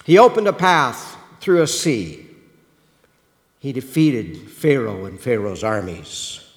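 A man preaches a sermon in a big-room sound, his mid-range voice taking it slowly. He's animated, speaking straight to his listeners, questioning them directly and often restarting his sentences.

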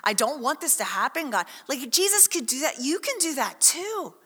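A woman preaching a sermon to a congregation, chatty and animated, acting out little scenes and asking the room questions. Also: sits high, moderate pace. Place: church hall. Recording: echoey hall.

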